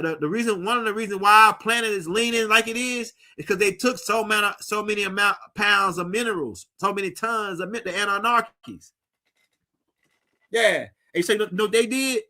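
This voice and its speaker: Middle-aged male streamer, high and bright, loose slangy rambling to viewers. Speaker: livestream host. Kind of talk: casual livestream talk.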